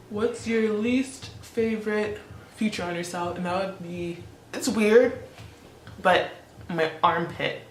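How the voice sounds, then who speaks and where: Doing her makeup, this woman in her twenties chats casually and laughs a lot; she's a beauty vlogger born in the Democratic Republic of Congo and raised in Canada. She speaks slowly in a medium-pitched voice, pausing often, and the audio sounds roomy with a little hiss or hum.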